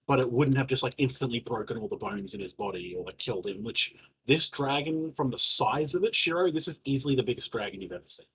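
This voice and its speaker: A man's voice: mid-range voice, animated, fast talker, bright, forceful tone, breathy edge, poor audio. A man running a tabletop game as game master, narrating loosely with many fillers and casual swearing.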